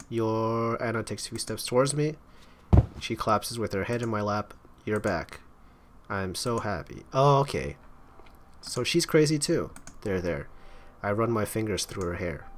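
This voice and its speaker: Low-voiced man reading game text. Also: animated, moderate pace, a little hiss or hum. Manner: dramatic reading mixed with wry asides. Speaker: let's play host. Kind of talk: reading game dialogue aloud with commentary.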